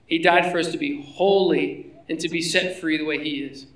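A man's voice: on the high side, steady tone, moderate pace, fairly bright tone, reverberant, recorded from a distance, poor audio. A man preaching a sermon in a conversational way, asking his listeners rhetorical questions. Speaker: pastor.

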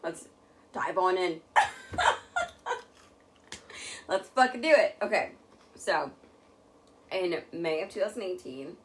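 A woman's voice: fairly low pitch, lively intonation, slow, long pauses. A young woman in her twenties, co-hosting a podcast, telling a true crime story in loose, laughing casual chat with plenty of swearing.

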